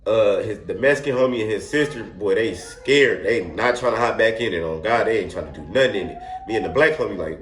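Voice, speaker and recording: A young man telling a wild story in a casual, animated, slangy way, laughing often. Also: on the low side, fast, hardly any pauses, slight background noise. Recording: echoey room.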